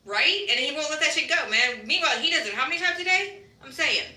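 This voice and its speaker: A woman in a casual online group chat, joking and sarcastic with quick comebacks. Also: high-pitched, expressive, sharp tone, roomy sound. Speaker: participant in an online voice chat room.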